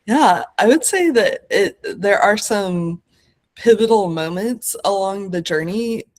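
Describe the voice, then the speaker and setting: A woman's voice: mid-range voice, lively intonation, takes it slowly. A woman in her late thirties, a podcast guest telling her own story in an earnest, searching way, with many fillers and self-corrections. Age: 30s. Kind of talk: reflective conversational interview.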